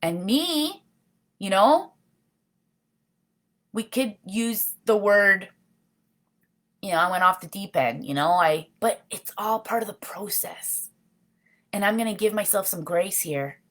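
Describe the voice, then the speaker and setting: A woman's voice: medium pitch, expressive, slow pace, pauses often, a bit bright. A middle-aged woman hosting a casual live video, talking earnestly and rambling while answering viewer comments. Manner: earnest, heartfelt, rambling with frequent you know. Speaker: livestream host.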